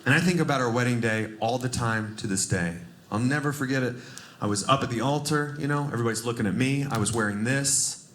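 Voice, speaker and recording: A man performs stand-up comedy, telling his stories with animated, exaggerated delivery. He is from Cleveland and has a mid-range voice. The sound is roomy, and audience noise comes through clearly. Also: fast. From Cleveland, Ohio. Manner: animated storytelling, breaks into shrill high-pitched character voices. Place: comedy club stage before a laughing audience.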